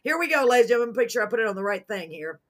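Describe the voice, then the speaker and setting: A woman hosting a live talk show, chatting casually in an excitable, goofy, rambling way and correcting herself as she goes. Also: on the high side, racing. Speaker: host of a live radio and web talk show.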